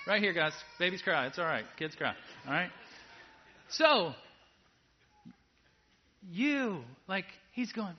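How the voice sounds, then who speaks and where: A man preaching a sermon to a congregation in a casual, direct way, moving between quiet asides and loud emphatic peaks. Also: sits high, big pitch swings, measured pace. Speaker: pastor. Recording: dull lo-fi sound.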